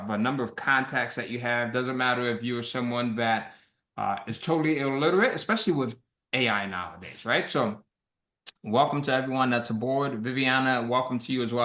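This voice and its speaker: A male webinar host with a bright, forceful tone talks conversationally and motivationally, reading out viewer questions. His voice rings with a roomy echo. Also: medium pitch, brisk.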